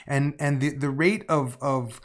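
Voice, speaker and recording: A man's voice: mid-range voice, fairly even intonation, unhurried. A man co-hosting a podcast, a healthcare professional, talking heatedly with many stumbling restarts and some swearing. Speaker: podcast co-host. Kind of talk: casual podcast discussion.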